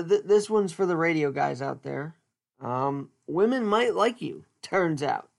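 A male podcast host with a creaky, higher-leaning voice chats casually on his solo show, joking as he thinks aloud and frequently restarting his words.

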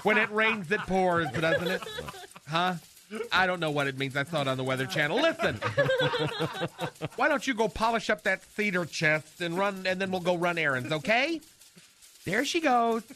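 A man's voice: high-pitched, big pitch swings, moderate pace, bright, forceful tone, a little hiss or hum, full character voice. An actor playing a flamboyant, fussy, gossipy man in a comedy radio sketch, with a campy sing-song manner and dramatic sighs. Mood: campy gossip.

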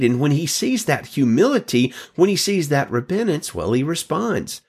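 A man's voice: fairly high pitch, sing-song, moderate pace, hardly any pauses, darkish tone, slightly rough. A man giving a devotional Bible talk as a teacher, emphatic and stretching key words.

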